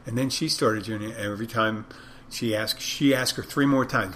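A man's voice: lowish voice, fairly even intonation, moderate pace, a bit bright, a little hiss or hum. A man who works as a bartender, hosting a podcast and telling a rambling anecdote in a casual monologue, acting out both sides of the conversation. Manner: rambling anecdotes, acts out dialogue.

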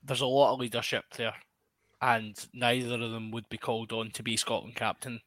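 A man's voice: mid-range voice, flat delivery, a little fast, fairly bright tone, no echo. A man hosting a sports podcast in a wry, casual way, reading out listener comments. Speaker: podcast host.

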